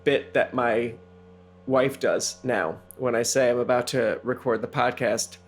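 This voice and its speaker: Halting, self-deprecating male co-host. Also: medium pitch, fairly even intonation, soft background music. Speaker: podcast co-host. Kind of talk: casual chat.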